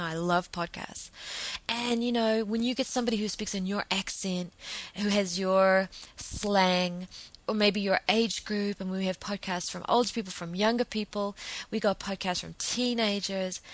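A woman's voice: mid-range voice, fairly even intonation, normal speed. A woman hosting her own podcast, talking earnestly and thinking aloud, often repeating words as she goes. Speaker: podcast host. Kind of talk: solo podcast monologue.

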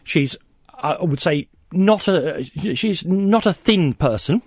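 A man's voice: a little high, lively intonation, takes it slowly, slightly rough, no echo. A man on a late-night radio show in the studio as a guest, telling rambling anecdotes with many restarts.

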